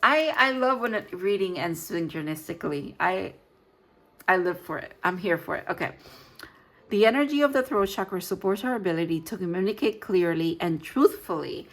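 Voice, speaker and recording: Her voice sits on the low side, expressive and slightly bright, at a moderate pace as she leads a casual pick-a-card tarot reading. This tarot reader talks through her thoughts, frequently restarting words from the card text and making self-deprecating jokes.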